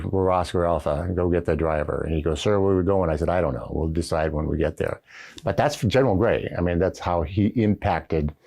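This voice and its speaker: A man's voice: low-pitched, creaky, warm tone. An older man, a retired Marine general, telling anecdotes in an interview with lots of uh and you know. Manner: folksy anecdotal storytelling with frequent fillers. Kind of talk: recorded oral history interview. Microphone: camera setup with interviewer behind it.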